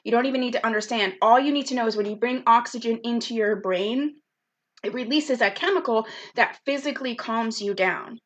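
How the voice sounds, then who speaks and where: A woman's voice: a little high, fairly quick, fairly bright tone. Upbeat woman leading an online workshop. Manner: upbeat, chatty, answers chat comments by name. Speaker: program specialist leading a virtual youth workshop. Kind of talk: live online workshop, reading out chat replies.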